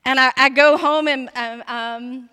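A woman's voice: high-pitched, steady tone, unhurried, pushed and bright, clear, resonant tone, no room sound, studio quality. A woman telling her personal testimony in an earnest, emphatic storytelling way, often saying "like".

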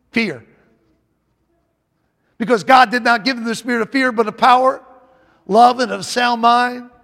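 A man's voice: very high-pitched, a bit bright. A man preaching a sermon in a fervent, emphatic way, repeating phrases as he builds. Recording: long hall reverb.

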